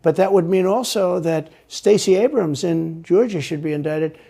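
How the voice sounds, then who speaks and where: A man's voice: high-pitched, normal speed, gravelly, mellow, slightly rough. A man answering interview questions in a rambling, repetitive and emphatic way. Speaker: interview guest.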